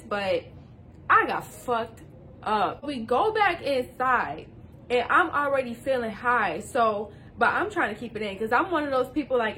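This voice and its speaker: A woman's voice: on the high side, a bit bright, a little hiss or hum. Slangy young woman telling a storytime. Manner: slangy, addresses viewers directly. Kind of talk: casual storytime.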